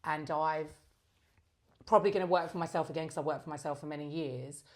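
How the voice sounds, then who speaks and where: A woman's voice: low voice, steady tone, a little fast. A middle-aged woman co-hosting a casual podcast chat, chatty and asking probing questions. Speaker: podcast co-host.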